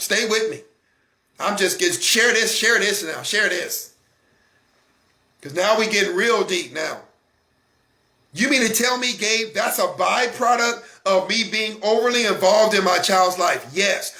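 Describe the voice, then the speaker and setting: A man's voice: high voice, a little slow. A man hosting a Christian broadcast, talking in an emphatic, intense way and hammering the same phrases over and over. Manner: intense, refuses to calm down. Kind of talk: impassioned broadcast talk. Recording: echoey room.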